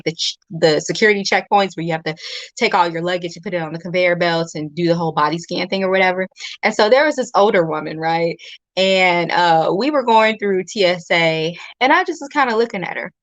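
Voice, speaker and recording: Woman host, young adult, casual motivational talk, animated storyteller; dry, dull recording. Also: on the low side, brisk, dry recording. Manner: animated storytelling with exclamations and laughs.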